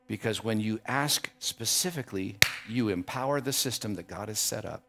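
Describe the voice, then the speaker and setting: A man's voice: fairly low pitch, normal speed, vocal fry, hardly any pauses, fairly bright tone. A man preaching a sermon as a pastor, emphatic and building to impassioned passages, often repeating words as he builds a point. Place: church.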